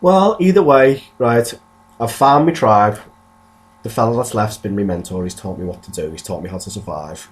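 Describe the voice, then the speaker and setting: A man's voice: fairly low pitch, normal speed. Rambling podcast guy. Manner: rambling, jokey storytelling. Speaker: podcast co-host. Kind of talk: casual comedic chat.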